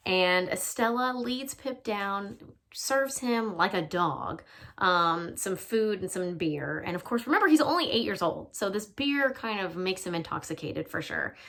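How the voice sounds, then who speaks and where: Woman, English teacher, chatty literature lesson, casual fillers, mid pitch. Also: lively intonation, unhurried, fairly bright tone.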